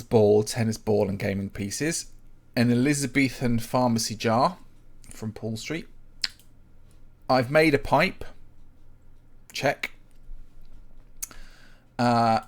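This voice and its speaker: A man hosting a casual live stream, chatting with viewers while he builds in Minecraft. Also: mid-range voice. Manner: chatty and rambling, greets viewers by name, frequent ums. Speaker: livestream host, Minecraft map builder.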